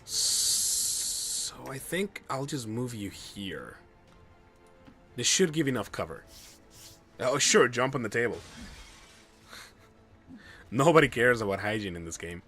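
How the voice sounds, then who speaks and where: Excitable man giving game commentary. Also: medium pitch, takes it slowly, pauses often, husky, faint music behind. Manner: excitable, swears and groans at bad luck. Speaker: gamer streaming a playthrough. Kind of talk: live gameplay commentary.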